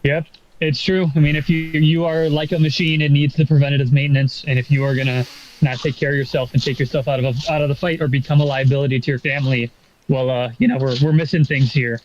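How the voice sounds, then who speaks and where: A man talks in a loose, rambling way, full of fillers and the odd curse. His voice sits a little high for a man. The recording is dull and lo-fi, with faint hiss behind it. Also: little pitch movement, fast. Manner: rambling, many fillers and profanity. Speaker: podcast co-host. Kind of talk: casual chat.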